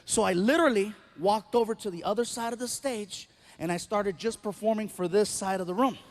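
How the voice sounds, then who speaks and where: A man doing stand-up comedy, telling a story in an animated way and acting out the voices of the people in it. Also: high voice, fairly quick.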